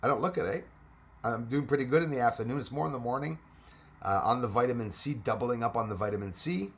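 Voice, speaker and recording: Speaking fast at a medium pitch, this livestream host chats loosely with viewers, calling out commenters by name and laughing often. There's slight background noise.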